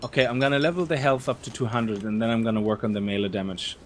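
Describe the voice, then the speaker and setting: Let's play host, male, mid-pitched, easygoing explainer, faint noise in the background. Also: quick pace. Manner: explaining game mechanics in a relaxed way. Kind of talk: casual gameplay chat.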